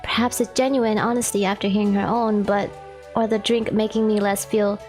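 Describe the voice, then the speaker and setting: A woman's voice: mid-range voice, flat delivery, normal speed, a little mellow, faint music behind. A woman streamer chatting with her viewers and reading a visual novel aloud, giggly and chatty with lots of "like" fillers.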